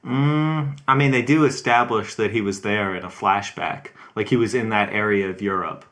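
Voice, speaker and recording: A man with a lowish voice takes part in a relaxed movie discussion. He hesitates and thinks aloud, working toward his points with small pauses. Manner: hesitant, thinks out loud with fillers. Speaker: co-host. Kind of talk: casual chat, movie review.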